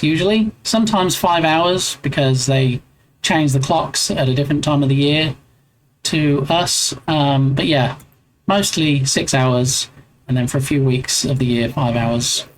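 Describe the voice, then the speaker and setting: English man, 40s, relaxed live-stream host, playful banter with viewers, light background noise. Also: fairly high pitch, measured pace, poor audio. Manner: chatty, reads out and answers chat with playful banter. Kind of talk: casual chat with viewers.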